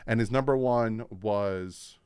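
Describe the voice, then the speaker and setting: A young man with a smooth, clear voice and a slightly low pitch recaps a football episode in casual reaction commentary. He tells it with animation and acts out what the players said. The sound is dry and close. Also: slow, no room sound. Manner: animated storytelling, acts out quotes. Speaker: sports reaction host.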